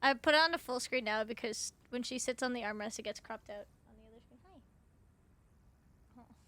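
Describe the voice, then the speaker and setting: A woman's voice: on the high side, fairly quick, bright, forceful tone. A young woman streaming live, chatting casually with viewers and cooing baby talk at her cat.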